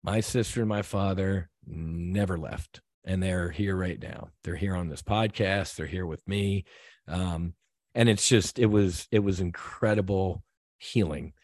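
Earnest man telling a halting, heartfelt story. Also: low voice, a little mellow, no echo, studio quality. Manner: halting, with many restarts and repeated words. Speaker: podcast guest. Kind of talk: candid personal storytelling.

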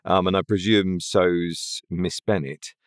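A man co-hosting a casual chat, lively and teasing, thinking aloud as he goes. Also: low voice, slow, smooth.

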